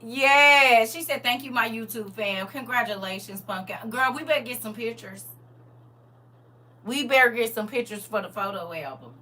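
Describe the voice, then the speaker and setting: A woman with a high, sharply bright voice chats through a casual livestream, reading viewer comments aloud. She is animated and colloquial, laughs often, and speaks straight to her viewers with church-style encouragement. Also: moderate pace. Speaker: livestream host.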